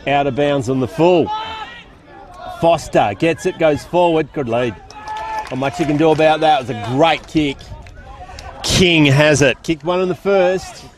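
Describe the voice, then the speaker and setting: Aussie bloke calling the footy live outdoors, bit higher voice, chatty and folksy. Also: male voice, a little slow, long pauses, a crowd in the background. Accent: Australian. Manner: chatty, folksy calls with local slang. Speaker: football commentator. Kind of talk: live play-by-play commentary. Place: outdoors at a country football ground.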